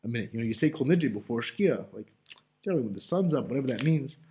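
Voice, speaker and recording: This man's mid-range voice is expressive, fast and mellow, with slight background noise behind it. He teaches a relaxed Torah class, talking conversationally with lots of fillers and asking himself rhetorical questions.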